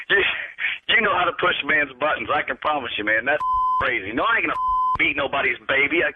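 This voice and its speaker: Brief: male caller, high and swooping, exasperated, bleeped cursing, laughs in disbelief. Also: lively intonation, fairly quick, breathy edge, narrow, tinny audio. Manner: agitated, exclamatory, half-laughing, bleeped cursing. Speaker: prank call victim. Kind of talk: phone conversation.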